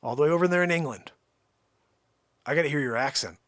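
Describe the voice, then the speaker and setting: A man hosting a live stream, rambling through effusive shout-outs to viewers in casual chat. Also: on the high side, quick pace, no room sound, studio quality. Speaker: livestream host.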